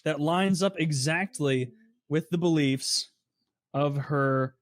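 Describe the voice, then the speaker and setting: A man co-hosting a casual comedic podcast, laying out a conspiracy theory in a laid-back way and reading quotes aloud deliberately. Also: a little high, dry recording, studio quality.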